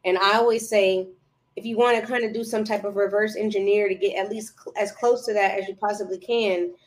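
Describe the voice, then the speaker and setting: A woman's voice: mid-range voice, steady tone, fairly quick. A woman guest on a podcast chatting casually and telling stories, acting out her own past dialogue. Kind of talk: casual interview chat.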